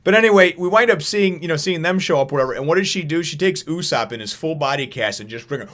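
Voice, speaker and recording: A man's voice: fairly high pitch, expressive, fast talker, fairly bright tone. A man in his thirties hosting a casual review chat from home, enthusiastic and rambling, restarting his sentences and acting out quotes. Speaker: host of a comic review channel.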